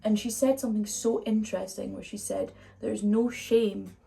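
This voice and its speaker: A woman's voice: mid-range voice, fairly even intonation, normal speed, vocal fry, warm tone. A young woman chats openly while doing her makeup, rambling with plenty of fillers in a casual get-ready-with-me talk. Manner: chatty and open, rambling with fillers. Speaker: vlogger. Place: indoors at home, doing makeup.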